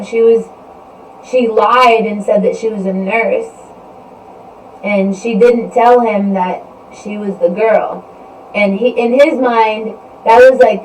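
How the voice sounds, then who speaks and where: A woman hosting a podcast, telling a story in a loose, rambling way and saying "you know" again and again. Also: medium pitch. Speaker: podcast host. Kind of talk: casual storytelling monologue. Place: indoors, live stream. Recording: roomy echo, distant from mic, faint noise.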